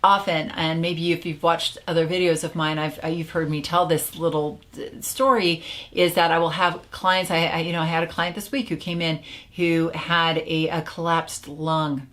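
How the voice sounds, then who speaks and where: A woman's voice: sits low, little pitch movement, moderate pace, a bit bright. A woman who coaches smokers, talking to camera in a casual, chatty way with lots of filler words. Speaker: stop-smoking coach. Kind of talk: casual teaching video.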